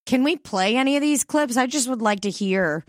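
A woman co-hosting a podcast, chatting casually in an animated, joking and profane way. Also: fairly high pitch, normal speed, dry recording, studio quality. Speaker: podcast co-host. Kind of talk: casual chat.

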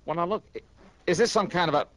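A man's voice: high-pitched, fast, no room sound, close to an everyday voice. An actor playing a laconic, wisecracking male investigator who narrates a 1950s radio drama. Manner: laconic, wry, casual. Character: wisecracking male insurance investigator, cool and ironic. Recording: noisy vintage radio broadcast.

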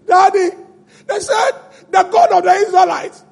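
A man's voice: extremely high pitch, measured pace, creaky, darkish tone, voice pushed up, exaggerated voice. A man voicing Pharaoh's young firstborn son, pleading childlike with his father in a preached story.

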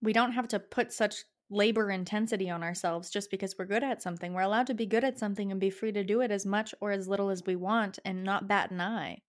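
A young woman with a Canadian accent talks through a casual solo podcast. She is passionate and chatty, and her pitch climbs at the end of her phrases. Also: steady tone, fast, hardly any pauses. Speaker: podcast host.

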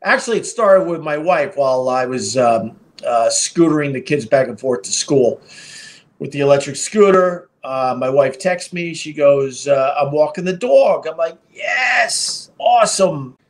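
A man's voice: a little high, animated, unhurried. Rambling, foul-mouthed male live stream host. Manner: rambling, profane, with many fillers and restarts. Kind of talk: casual storytelling to a live stream.

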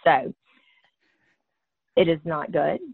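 A woman's voice: sits low, steady tone, slow pace, gravelly, slightly rough, dry recording. Middle-aged woman co-host, Alabama drawl, rambling and jokey; tinny phone-like sound, dry. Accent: Alabama Southern. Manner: chatty, rambling, joking. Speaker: podcast co-host. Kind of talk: casual chat.

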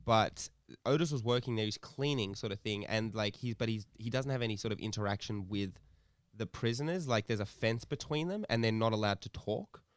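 A man's voice: on the low side, brisk, clear, resonant tone, dry recording, studio quality. A young man co-hosting a podcast, telling a rambling story with swearing and laughter. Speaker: podcast co-host. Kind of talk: casual podcast chat.

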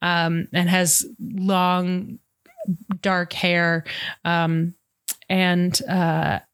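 A woman's voice: fairly low pitch, flat delivery, drawn-out words, clean tone, dry recording. Chatty woman rambling through a tv recap, jokey, dry close sound. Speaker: podcast co-host recapping a TV series. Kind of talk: casual recap chat.

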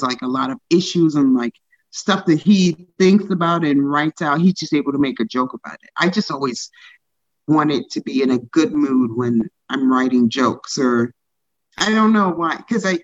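A woman stand-up comedian in a casual interview, talking fast and loose with lots of "like" fillers and frequent laughter. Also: low-pitched, dry recording, lo-fi sound.

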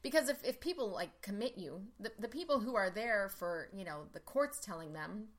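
A woman's voice: mid-range voice, animated, normal speed. A woman in casual conversation, telling stories animatedly with lots of "like" fillers. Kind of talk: casual chat.

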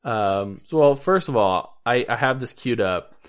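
A man's voice: medium pitch, animated, unhurried, clean tone. A man hosting a podcast, chatting casually with a dry, teasing manner and casual swearing. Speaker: podcast host. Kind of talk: casual chat.

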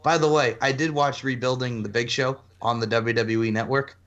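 A man co-hosting a casual wrestling chat, animated, laughing often and breaking into chants. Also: medium pitch, moderate pace, dull audio. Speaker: podcast co-host.

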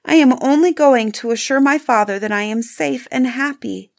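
A woman's voice: high-pitched, moderate pace, vocal fry, pitched above the performer's own voice. Beauty, a woman playing an earnest young heroine. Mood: earnest, pleading.

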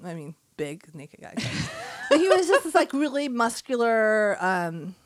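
A woman's voice: a little high, very animated, moderate pace. A woman hosting a podcast, telling a rambling story in casual chat, giggling often and drifting into tangents. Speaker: podcast host.

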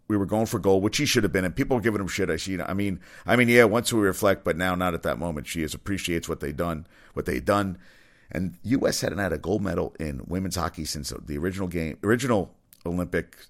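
A man hosting a casual opinion commentary, blunt and rambling, swearing freely. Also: low-pitched. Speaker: commentary host.

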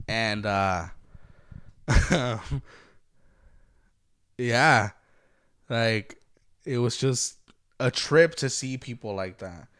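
A man's voice: mid-range voice, very slow, pauses often, fairly bright tone, clear, resonant tone. Rambling, swearing man with a cold. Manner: rambling, swears freely, laughs often. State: congested from a cold. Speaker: podcast co-host. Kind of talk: casual podcast chat.

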